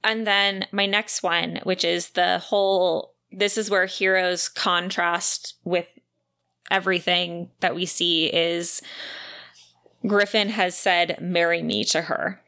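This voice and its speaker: Bright-voiced chatty woman discussing a book. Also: lowish voice, fairly even intonation, slow pace. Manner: chatty, many "like" and "you know" fillers. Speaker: podcast co-host.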